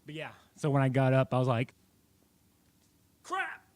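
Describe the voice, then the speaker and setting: A man's voice: medium pitch, flat delivery, fast talker, darkish tone, dry recording. A young man vlogging, casually telling a personal story in a rambling, self-correcting way.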